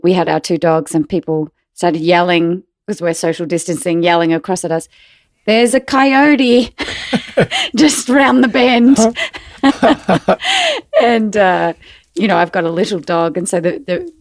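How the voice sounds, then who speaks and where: A woman co-hosting a spiritual podcast, telling a personal story in a relaxed way with fillers. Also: lowish voice, normal speed, no room sound. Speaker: podcast co-host. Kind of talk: casual conversation.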